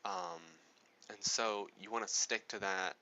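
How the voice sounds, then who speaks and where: A man's voice: lowish voice, steady tone, unhurried, pushed and bright. A man explaining a speaking technique in a casual, rambling way, often restarting his sentences. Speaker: presenter explaining speech moods. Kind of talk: casual spoken lesson. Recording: dull lo-fi recording.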